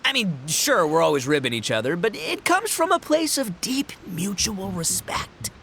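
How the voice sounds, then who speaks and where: Game role: a rowdy bragging gang leader, high bright voice, bouncy delivery, light music behind. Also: male voice, big pitch swings, normal speed, a little hiss or hum, heavily acted. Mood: boastful. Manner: boisterous, bragging, laughing, stumbling over fillers. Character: brash boastful young male gang boss. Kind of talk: game voice acting.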